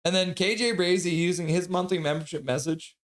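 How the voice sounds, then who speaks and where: A man's voice: high voice, brisk. A man hosting a casual livestream, chatty and sassy, reading out donations and sleep-deprived. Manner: sassy, joking. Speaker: livestream host.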